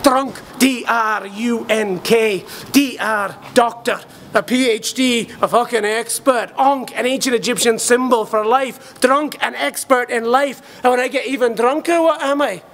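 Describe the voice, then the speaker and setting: A man's voice: very high voice, a little slow, hardly any pauses, a bit bright, full character voice. A man doing a boozy pub philosopher. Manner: ranting, mock-profound, swearing. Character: boozy rambling middle-aged male pub philosopher. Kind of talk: comic monologue.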